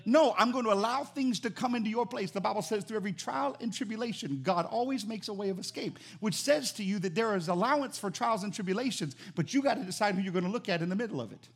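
A man preaching a sermon as pastor, animated and emphatic, repeating phrases for emphasis. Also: high voice, fast, hardly any pauses, husky.

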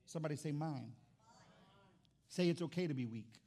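Animated comic male preacher. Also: on the high side, normal speed. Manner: animated, comic, shifts between loud bursts and quiet asides. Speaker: pastor. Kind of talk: sermon with storytelling.

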